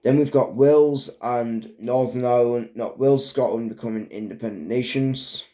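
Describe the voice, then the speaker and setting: Male narrator, mid pitch, halting delivery full of fillers and restarts. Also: fairly even intonation, mellow. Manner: stumbles over words. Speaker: video narrator. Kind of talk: casual game commentary.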